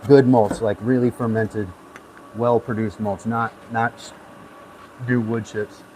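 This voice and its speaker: A man's voice: lowish voice, little pitch movement, a little slow, noisy background. A man hosting a casual live stream, rambling easily as he gives hands-on tips and chats with viewers. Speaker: livestream host.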